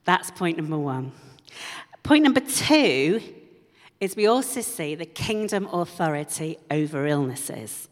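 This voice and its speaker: A woman preaching a sermon, slow and unhurried, her pitch rising and falling with lively animation. She drops playful asides to the congregation, and her voice carries a long reverb from the church hall. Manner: humorous, conversational asides.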